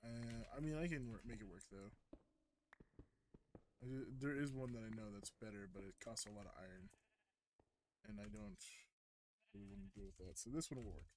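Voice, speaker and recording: A man's voice: medium pitch, big pitch swings, brisk, creaky, pauses often, a little mellow, a little hiss or hum. A young man casually commenting while he plays a game, rambling and often correcting himself mid-sentence. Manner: rambling, hesitant, self-correcting. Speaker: streamer.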